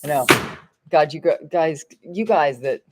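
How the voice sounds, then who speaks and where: A woman's voice: deep voice, expressive, unhurried, noisy background. A woman from Florida hosting a casual livestream, rambling and chatty and swearing freely. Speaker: livestream host.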